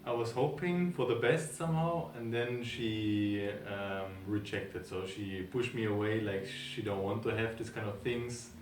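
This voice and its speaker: A young man from Germany telling how he met his partner in a calm, halting way, with many pauses and fillers. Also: on the low side, slight background noise. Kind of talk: casual storytelling. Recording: echoey room, mic at a distance, soft music under.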